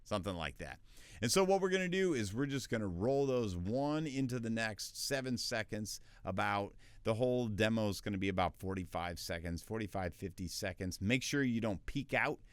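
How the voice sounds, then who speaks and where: A man with a lower voice gives an easygoing tutorial, quick and loose with filler words. He is recorded in a small, dry home space. The tone stays relaxed and informal. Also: clean tone, no echo. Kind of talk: casual tutorial talk.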